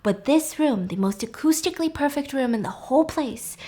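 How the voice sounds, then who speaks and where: A woman voicing a calm, controlling older male music teacher in a low, quiet, measured voice. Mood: coaxing.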